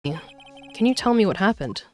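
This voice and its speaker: A woman voicing a calm young male defense lawyer, asking questions in a slow, measured way while reading game dialogue on stream. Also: mid-range voice, faint music behind, pitched above the performer's own voice.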